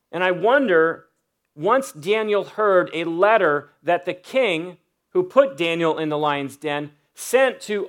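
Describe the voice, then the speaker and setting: Earnest preacher, man with slightly high voice. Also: fairly bright tone. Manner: earnest, builds to emphatic peaks, frequent "uh" fillers; voices imagined inner thoughts of a biblical figure. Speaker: pastor. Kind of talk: sermon.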